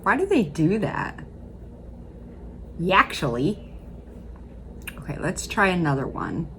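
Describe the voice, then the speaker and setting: A woman's voice: on the low side, wildly swooping pitch, moderate pace, creaky, slight background noise. A woman with a Midwestern accent, chatting casually as she reacts to a video, rambling and dropping frequent fillers. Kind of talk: casual commentary.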